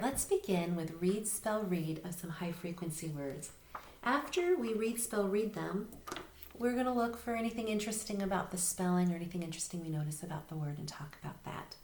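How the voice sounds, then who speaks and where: A woman's voice: fairly low pitch, a little mellow. Patient woman teacher in a roomy echo. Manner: patient, spells words slowly letter by letter. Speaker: reading intervention teacher. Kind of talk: recorded video lesson.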